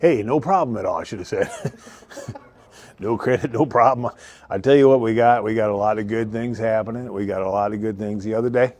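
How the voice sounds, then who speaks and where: A man, a car dealership owner rambling through a joking commercial pitch and laughing at his own jokes. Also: brisk, darkish tone. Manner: rambling, laughs often, self-interrupting. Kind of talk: joking improvised commercial spiel.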